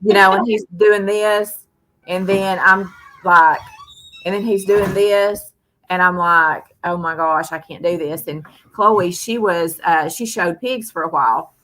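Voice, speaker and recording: A woman's voice: mid-range voice, steady tone, takes it slowly, bright, forceful tone. A middle-aged woman hosting a live stream, telling a rambling, folksy story full of "uh" and "you know". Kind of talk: casual storytelling chat.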